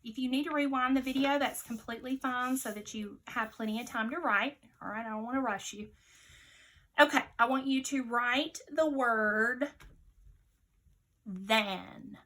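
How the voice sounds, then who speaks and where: A woman teacher giving a slow spelling dictation to young children, patiently repeating each word with care. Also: sits high, fairly even intonation, bright, forceful tone, low-quality recording.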